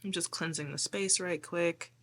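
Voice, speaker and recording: Woman, hoarse, lower-pitched voice, chatty tarot reader, casual spiritual talk. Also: fairly even intonation, normal speed, a bit bright, a little hiss or hum. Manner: chatty, tags lines with "okay?". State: hoarse from losing her voice.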